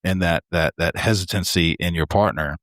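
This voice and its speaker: A podcast co-host chats casually in an earnest, reflective way, calling his male listeners "bro." His voice sits low with a slightly bright tone at normal speed, captured in studio quality without echo.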